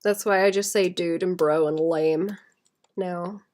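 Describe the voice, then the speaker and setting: A woman who illustrates, chatting casually and thinking aloud while she draws, rambling and laughing softly. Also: fairly low pitch, steady tone, unhurried. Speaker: illustrator streaming while drawing. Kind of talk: casual chat while drawing.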